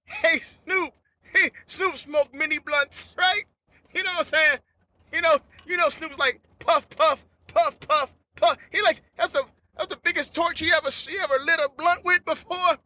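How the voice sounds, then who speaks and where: A man's voice: very high voice, sharp tone. A man hosting a comedy podcast alone, riffing in a rambling, repetitive, slangy monologue. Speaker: podcast host.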